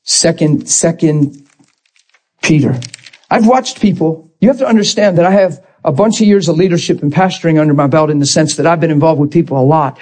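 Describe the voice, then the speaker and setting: Husky-voiced man preaching with sudden shouts. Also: on the high side, brisk. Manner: emotional, swings from calm to shouting. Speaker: pastor. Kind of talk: sermon.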